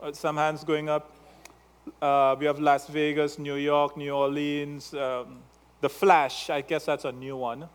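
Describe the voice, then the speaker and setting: A man's voice: a little high, level tone, unhurried, smooth. A male pastor with an accent, preaching a sermon in a playful way, teasing his congregation and checking in with them through frequent questions. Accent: non-native English.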